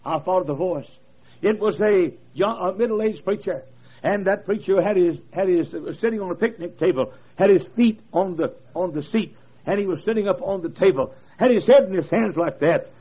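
Revival preacher, male, high raspy voice, impassioned storytelling, dull lo-fi church PA tape. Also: moderate pace. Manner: storytelling preacher, rising to impassioned shouted cries. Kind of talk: fiery revival sermon. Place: church service. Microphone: PA microphone.

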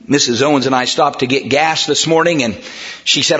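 A man preaching a sermon, swinging from hushed quiet words to emphatic shouts, recorded in a church. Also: on the high side, a little fast, lo-fi sound. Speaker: pastor. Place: church sanctuary.

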